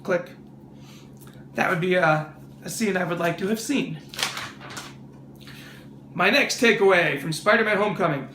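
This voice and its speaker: A man's voice: sits high, normal speed, pauses often, reverberant, noisy background. A man hosting a casual movie review vlog, sarcastic and mocking.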